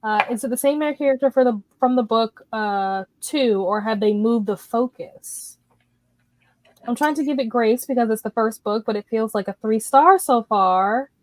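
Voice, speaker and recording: A woman's voice: on the high side, moderate pace, dry recording. A woman in her thirties hosting a casual livestream, greeting viewers by name as she chats about books. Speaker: livestream host.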